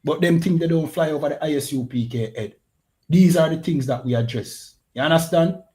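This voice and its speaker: A man hosts a radio show, delivering forceful, sermon-like commentary. His voice sits a little higher than most men's, and he keeps pausing to ask whether the listener understands. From Jamaica. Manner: emphatic, keeps asking "you understand?". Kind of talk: preaching commentary on a played clip.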